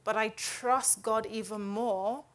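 A woman's voice: fairly high pitch, fairly even intonation, takes it slowly. A woman giving a conversational Bible teaching in an earnest, chatty way, often checking in with "right?". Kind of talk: conversational devotional talk.

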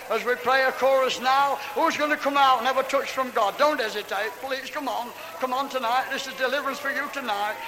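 A fervent male preacher with a very high voice leads a revival sermon and altar call, stretching out his exclamations and breaking into tongues. His voice rings through a church meeting hall with a long reverb tail. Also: background noise.

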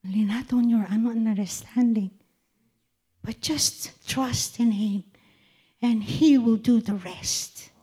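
A woman's voice: fairly high pitch, takes it slowly, mellow, slightly rough. A woman giving an emotional devotional testimony, fervent and tearful, often breaking into laughter. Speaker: speaker sharing a Christian testimony.

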